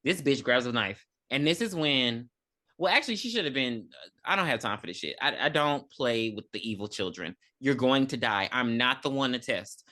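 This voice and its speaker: A woman's voice: very deep voice, animated, normal speed, sharp tone. A woman co-hosting a podcast, chatting bluntly and profanely about movies. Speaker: podcast co-host. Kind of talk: casual movie chat.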